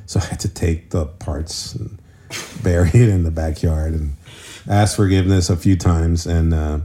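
A middle-aged married man chatting casually on a podcast, rambling through stories and leaping up in pitch when he quotes others. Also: normal speed, mellow. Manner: rambling storyteller, jumps pitch for quoted voices. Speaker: podcast co-host. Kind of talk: casual chat.

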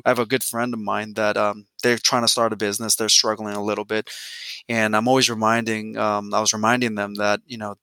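A man's voice: on the low side, sharp tone, smooth, no echo. A man in his thirties, a guest in a casual conversation, talking earnestly and reflectively with many fillers. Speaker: podcast guest.

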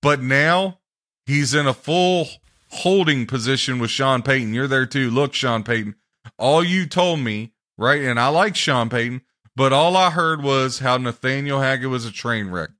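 A man hosting a sports podcast, ranting and mocking teams and players in a loud, heated way. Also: medium pitch, unhurried. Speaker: podcast host.

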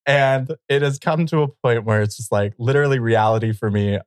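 A man's voice: mid-range voice, a little fast, clean tone, no room sound, studio quality. A man co-hosting a podcast in casual chat, rambling and laughing often. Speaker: podcast co-host.

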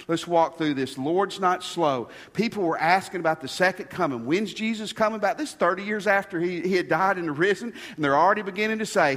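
A man's voice: sits high, fairly quick, few pauses, a bit bright. A man preaching a sermon as pastor, stressing his points by repeating key phrases. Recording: long reverb of a large hall.

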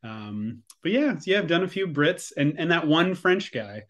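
A man with a Canadian accent, in his thirties, chatting as an actor guest in an interview, relaxed and rambling with fillers. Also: fairly high pitch, normal speed. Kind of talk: casual interview chat.

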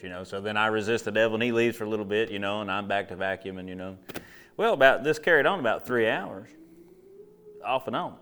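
A man's voice: fairly low pitch, fast talker, fairly bright tone, slight background noise. A man preaching a casual sermon to a live audience. He tells stories, asks rhetorical questions and acts out his own inner dialogue. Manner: conversational storytelling with rhetorical questions.

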